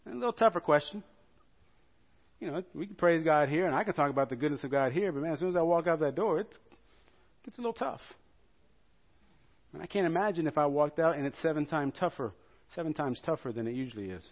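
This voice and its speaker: A man preaching a sermon as pastor, telling the story with animated rhetorical questions to the congregation. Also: on the high side, quick pace, pauses often, lo-fi sound.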